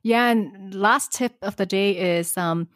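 A woman's voice: medium pitch, takes it slowly, dry recording, clean studio sound. A woman co-hosting a podcast, giving advice in casual chat with many fillers. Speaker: podcast co-host giving dating tips.

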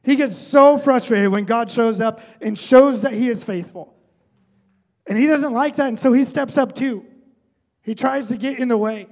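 Pastor guy, pretty high voice, chatty sermon, lots of "right?", big echoey church hall. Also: normal speed, a little mellow. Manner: conversational, often adds "right?".

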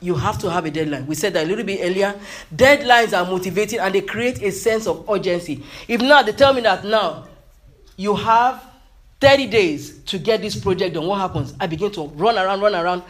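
A man's voice: high voice, a little fast, fairly bright tone. A man preaching a motivational sermon with emphasis, repeating key phrases and calling out hallelujah.

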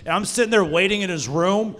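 Young man, stand-up comedian, high-pitched, profane, self-mocking, live club stage. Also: fast talker, a bit bright. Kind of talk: stand-up set.

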